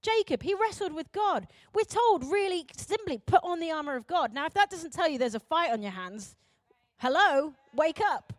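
A young woman pastor preaches a sermon in a high, bright voice. Her delivery is emphatic, rising to loud urgent calls and dropping to quiet intensity. The sound is dry and close. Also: animated, fairly quick, few pauses, no room sound.

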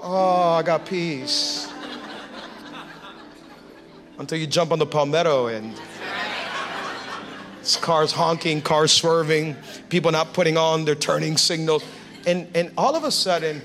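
A male pastor preaching a lively sermon, acting out everyday scenes and calling on the congregation to respond. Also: high voice. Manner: animated, acts out everyday scenes and voices; calls for audience response.

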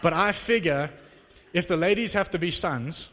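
A man preaching to a live audience, telling a story in an animated, conversational, self-mocking way. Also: high-pitched, moderate pace, slight background noise. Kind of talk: sermon storytelling. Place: large hall with live audience. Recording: long reverb of a large hall.

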